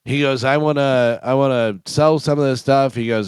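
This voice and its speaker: Guy on the radio telling a story, smooth clear voice, dry studio sound. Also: mid-range voice, moderate pace, no room sound. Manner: storytelling, acts out quotes. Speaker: radio co-host. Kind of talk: casual radio chat.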